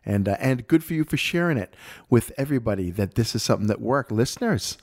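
A man, co-hosting a podcast and telling a story in an animated, playful way. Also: medium pitch, quick pace. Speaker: podcast co-host. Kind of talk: casual storytelling chat.

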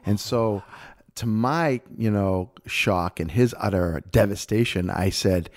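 A podcast co-host, his voice sitting a little low. He tells his story in an animated, playful way, leaning into the punchlines. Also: takes it slowly. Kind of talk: casual storytelling chat.

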